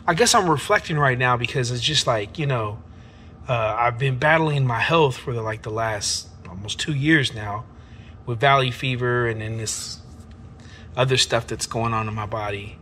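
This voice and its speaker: A man with a mid-range voice speaks at normal speed in a reflective personal vlog, talking to camera earnestly and emphatically with casual slang. Loud background music plays behind him, along with slight background noise.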